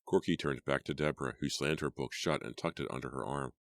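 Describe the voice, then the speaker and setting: Very deep-voiced male audiobook narrator. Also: steady tone, fairly quick, vocal fry, hardly any pauses, dry recording. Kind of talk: scripted narration.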